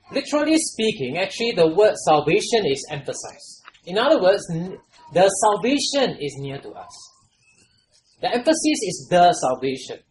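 A pastor delivers a sermon, repeating phrases and posing questions to the congregation as he swings from loud exhortation down to hushed, trailing lows. The recording is low quality, with a little hiss or hum.

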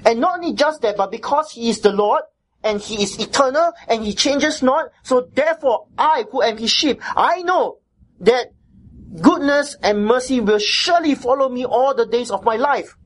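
A woman preaches a sermon in a somewhat high voice. She teaches in an emphatic, repetitive way and keeps checking in with her listeners with "right?" and "isn't it?". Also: normal speed.

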